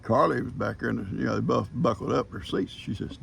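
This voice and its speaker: Gravelly older farmer chatting. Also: male voice, mid-range voice, fairly even intonation, a little fast, a bit bright, slight background noise. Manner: folksy storyteller, chuckles often. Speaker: farm vlogger. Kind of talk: casual rambling chat. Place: outdoors on a farm.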